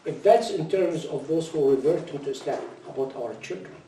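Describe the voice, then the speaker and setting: A man's voice: a little high, brisk, a little hiss or hum. Older man lecturing in an echoey mosque hall. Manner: earnest, repeats key phrases, animated in anecdotes. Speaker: mosque speaker. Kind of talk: lecture to a congregation. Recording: echoey room, distant mic.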